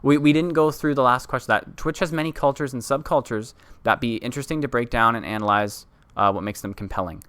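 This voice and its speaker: A man's voice: mid-range voice, brisk, fairly bright tone, clear, resonant tone, no echo. A young man from Canada co-hosting a live stream in casual chat, joking and poking fun at himself. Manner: self-deprecating, joking. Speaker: co-host.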